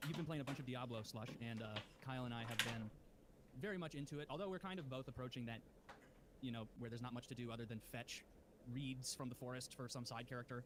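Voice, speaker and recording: Rapid joking American man. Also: mid-range voice, background noise. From Missouri, USA. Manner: joking, teasing, quick banter. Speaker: podcast co-host. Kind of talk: casual chat.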